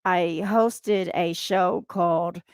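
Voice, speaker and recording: A woman's voice: lowish voice, steady tone, slow pace, smooth, no room sound, studio quality. A middle-aged woman with a Southern US accent, hosting a podcast in casual chat, telling stories and laughing often. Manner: chatty storyteller, laughs often. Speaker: podcast host.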